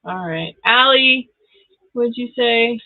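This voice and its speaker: A middle-aged woman hosts a live tarot reading on her channel, speaking slowly in a slightly high voice. She's chatty, laughs often, and addresses viewers directly. The audio sounds tinny, like it came through a phone.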